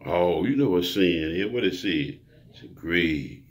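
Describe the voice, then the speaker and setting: A man's voice: sits low, expressive, takes it slowly. A man preaching a rambling monologue to his viewers, grandiose and profane, lecturing the listener. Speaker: self-styled preacher.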